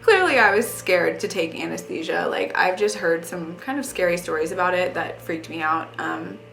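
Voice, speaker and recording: A woman's voice: on the low side, moderate pace, creaky, fairly bright tone. A young adult woman giving a heartfelt life update, earnest and emotional, with lots of "like" fillers. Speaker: vlogger. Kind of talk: casual personal life update. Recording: echoey room with faint music.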